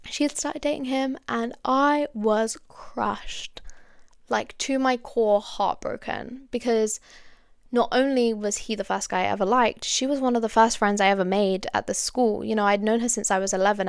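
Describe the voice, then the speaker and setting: A woman's voice: medium pitch, fairly even intonation, normal speed, vocal fry, clean tone, no echo, clean studio sound. A young woman hosting a podcast, telling a personal story in a candid, confiding way with many fillers and asides to her listeners. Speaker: podcast host.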